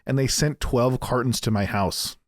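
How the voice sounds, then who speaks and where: A man's voice: mid-range voice, moderate pace, no echo. A man co-hosting a gaming podcast who talks in loose, rambling bursts full of restarts, fillers and casual swearing. His voice sits in a middle range and sounds dry and close, with little room around it. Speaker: podcast co-host. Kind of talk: casual chat.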